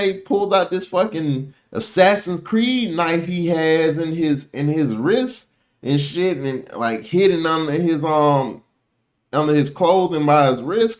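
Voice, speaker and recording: A man hosting a reaction video, recapping an episode in casual, profane slang and acting out the characters' lines. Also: sits high.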